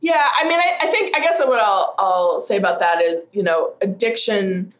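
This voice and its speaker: A woman's voice: mid-range voice, lively intonation, normal speed, reverberant, lo-fi sound. A woman who works as an addiction physician, explaining things thoughtfully with frequent fillers. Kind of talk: conversational expert explanation.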